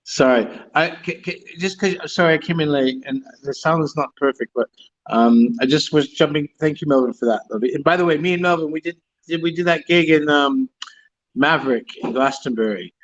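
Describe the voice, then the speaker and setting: A man with a fairly high voice joins a casual chat as a guest over a video call. He is chatty and quick to laugh, and his audio sounds dull and lo-fi. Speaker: guest street performer.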